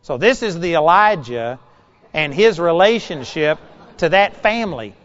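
A man delivers a sermon, reading scripture and then retelling it in his own conversational words with little asides. His voice sits a bit high for a man. The recording is muffled and lo-fi. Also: animated, unhurried, fairly bright tone, long reverb tail. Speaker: preacher.

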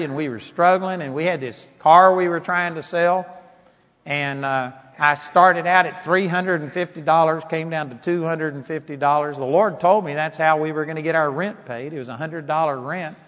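Fiery high-voiced male preacher, echoing hall. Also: normal speed. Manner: impassioned, building to shouts, mocking whiny voices. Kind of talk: sermon. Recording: long hall reverb.

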